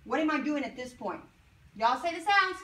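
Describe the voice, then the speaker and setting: A woman teaches a phonics lesson to a class, stretching out each sound and prompting the children with questions. Her voice is high and bright. It is recorded from a distance in a roomy classroom with faint background noise. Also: animated. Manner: drawn-out sounding of letters, coaxing questions.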